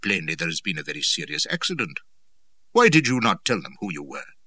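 A man voicing a stout, genial chieftain who speaks mildly and politely, with quiet menace beneath. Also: low-pitched, huge pitch swings, brisk, no room sound, distant mic, full character voice. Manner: mild, smooth, polite, cheerfully ironic.

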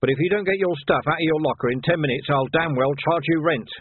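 A man voicing a gruff, hard-bitten middle-aged watch sergeant who speaks curtly with dry sarcasm. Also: fairly high pitch, fast, dry recording, voice pushed up. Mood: brisk. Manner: curt, commanding, dry sarcasm. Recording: tinny narrow audio, dry.

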